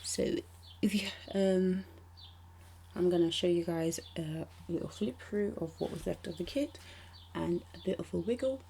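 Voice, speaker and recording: A woman's voice: fairly low pitch, moderate pace, vocal fry, mellow, slight background noise. A young British woman narrating her planner spreads in a chatty, rambling way, with ums and little asides. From United Kingdom. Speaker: planner vlogger. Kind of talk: casual voice-over narration.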